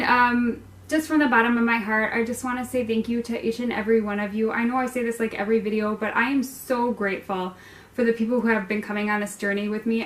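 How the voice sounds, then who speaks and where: A woman hosting a painting tutorial, chatting warmly and rambling with plenty of ums. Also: a little high, echoey room. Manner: bubbly, rambling with many ums. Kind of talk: casual chat to viewers.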